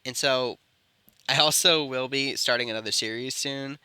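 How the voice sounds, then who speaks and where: A man's voice: medium pitch, steady tone, moderate pace, pushed and bright, smooth, no room sound. A man improvising a fan-fiction story, rambling and often correcting himself. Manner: rambling, with frequent self-corrections. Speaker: storyteller and channel host.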